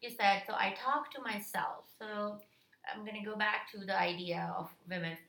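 Woman host, bright tone, reflective and encouraging, echoey room. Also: medium pitch, steady tone, normal speed. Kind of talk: casual conversation.

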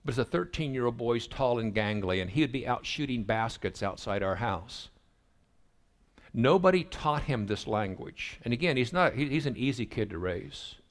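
A man's voice: medium pitch, normal speed. A middle-aged man preaching a sermon, telling family stories and acting out the dialogue along the way. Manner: acts out family dialogue in a lively storytelling way. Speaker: pastor. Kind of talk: sermon storytelling.

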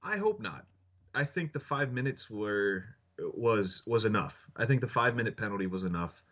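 A man co-hosts a casual sports podcast, opinionated yet hedging with frequent fillers. His voice is on the low side, animated and fairly bright at normal speed, though the recording cuts off the highs.

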